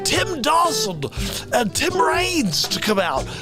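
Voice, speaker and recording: A man doing an impression of a rambling, boozy old male baseball announcer, with loud, drawn-out shouting. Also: very high-pitched, very animated, over loud music, voice pushed up, full character voice. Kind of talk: celebrity impression on a live comedy stream.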